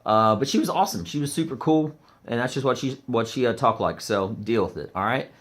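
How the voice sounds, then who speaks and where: A comedian ranting to camera, rambling and emphatic, with lots of "um" and "like". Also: male voice, medium pitch, lively intonation, fairly quick, fairly bright tone.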